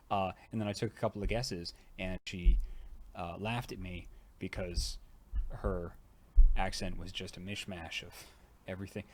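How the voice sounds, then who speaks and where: A man's voice: sits low, steady tone, normal speed. A man with a tired jaw chatting casually on a livestream, rambling with lots of fillers. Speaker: streamer and voice actor.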